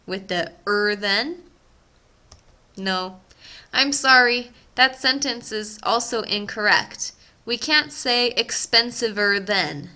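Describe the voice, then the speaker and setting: A young woman teaching an English grammar lesson, speaking slowly and enunciating each word with care. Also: a little high, pushed and bright. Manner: slow, carefully enunciated teaching voice. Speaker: ESL teacher.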